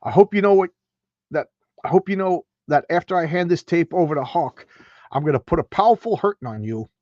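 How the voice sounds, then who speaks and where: A man's voice: a little high, expressive, a little fast, a little mellow, no room sound, highs cut off, lightly acted. Man reading a pleading loyal soldier. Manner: pleading, heated. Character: loyal male soldier, desperate for his friend.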